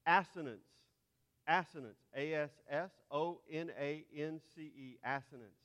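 A man's voice: on the high side, unhurried, fairly bright tone, clear, resonant tone. Man lecturing in a reverberant hall. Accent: Texan. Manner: spells out terms letter by letter. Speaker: Bible teacher. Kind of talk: classroom lecture.

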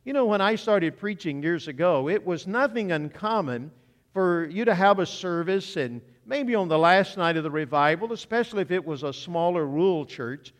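A man's voice: sits high, animated, normal speed, long reverb tail. An older man and guest preacher giving a sermon in a church sanctuary, with a folksy, joking storytelling manner.

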